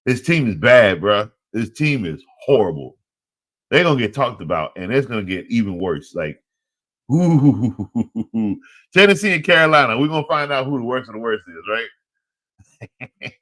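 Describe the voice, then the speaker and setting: Man, fantasy football host, casual solo commentary, excitable, slangy, pitch jumping all over. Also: moderate pace. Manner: animated, excitable, laughs often, trash-talking, slangy.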